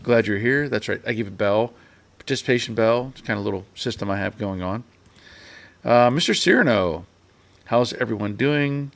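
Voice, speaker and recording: A man's voice: mid-range voice, lively intonation, moderate pace, vocal fry. A man hosting a casual live stream, rambling along with fillers and restarts and reading out viewers' chat comments.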